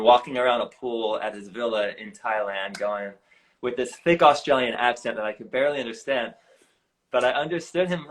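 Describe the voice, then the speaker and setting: A man's voice: lowish voice, low-quality recording. Earnest, chatty man in his forties. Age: 40s. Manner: earnest, animated, heavy use of "like". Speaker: guest. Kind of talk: casual personal storytelling. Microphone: live video stream on a phone or computer.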